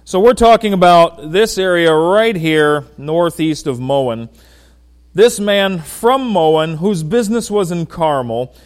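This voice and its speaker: A man preaching a sermon in a folksy, joking way, talking straight to people in the congregation and swinging from loud emphasis to quiet asides. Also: fairly high pitch, animated, slow pace. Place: church.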